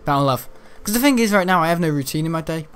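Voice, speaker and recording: A man giving rambling, chatty gameplay commentary, laughing often and breaking into excitable outbursts. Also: a little high, fast, a little hiss or hum. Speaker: gaming channel host.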